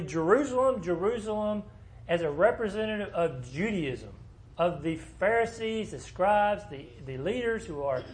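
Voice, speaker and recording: In a conversational style, a man leads a small Bible class, explaining the passage and putting questions to the group. His voice is high.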